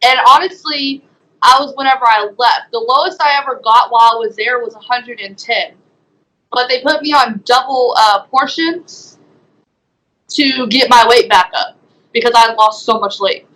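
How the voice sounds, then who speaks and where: A young woman speaks in a bright, slightly high voice. She recounts her experiences in an interview. She talks hesitantly, full of ums and likes. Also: moderate pace, low-quality recording. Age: young adult. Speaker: guest, former resident. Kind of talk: interview testimony.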